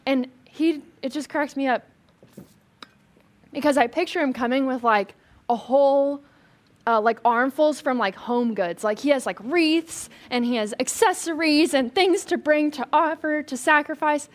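A woman with a somewhat high voice leads a casual Bible teaching for a group in front of her. She talks in a chatty, animated way, full of "like" fillers, and drops in humorous asides as she explains the passage. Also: normal speed.

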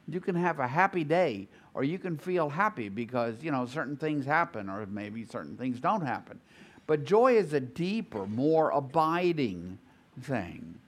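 A man leading a group Bible study, explaining scripture in a thoughtful way and often restarting his phrases as he works through an idea. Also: a little high. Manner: thoughtful, repeats and restarts phrases while reasoning aloud.

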